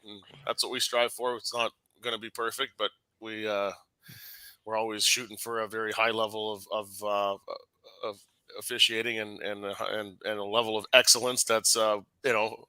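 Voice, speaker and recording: A man who referees hockey, talking casually and haltingly on a podcast, with many restarts. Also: lowish voice, steady tone, sharp tone, smooth, no room sound, rough recording.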